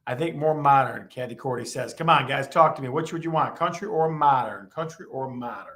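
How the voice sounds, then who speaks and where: A man hosting a live stream, teasing viewers and repeating his questions to the chat in a lively way. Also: mid-range voice, a little fast, hardly any pauses.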